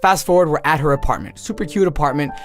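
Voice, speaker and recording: Fast-talking young man telling a comic story. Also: a little high, faint music behind. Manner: animated, rambling, full of 'like'. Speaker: comedian.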